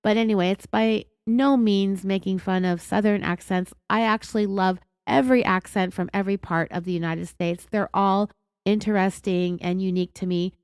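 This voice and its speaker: A woman with a California accent hosting a true crime podcast, raspy from being sick, telling the story in an indignant, sarcastic way. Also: mid-range voice, fairly even intonation, normal speed, darkish tone, no room sound, clean studio sound. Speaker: podcast host.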